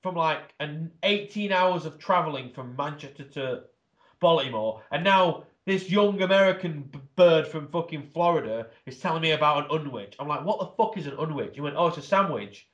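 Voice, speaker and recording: A man's voice: on the high side, moderate pace, dull audio. An English man talking as an interview guest, ranting with heavy swearing. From England. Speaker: podcast guest. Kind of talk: casual interview chat. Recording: roomy echo.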